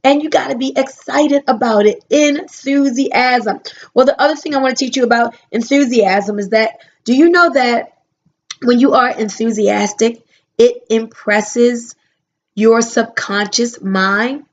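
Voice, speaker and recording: High-pitched woman, motivational talk, leans hard on words, kinda dull lo-fi sound. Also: a little hiss or hum. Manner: emphatic, stretches key words slowly. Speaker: motivational speaker.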